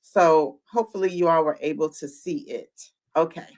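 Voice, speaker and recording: A woman's voice: low voice, moderate pace. Chatty woman recapping a show live. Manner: animated, talks to the chat, acts out quotes. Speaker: podcast host.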